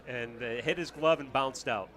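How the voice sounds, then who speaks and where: A man's voice: mid-range voice, normal speed, a bit bright. A man giving color commentary at a baseball game, conversational and explaining the plays.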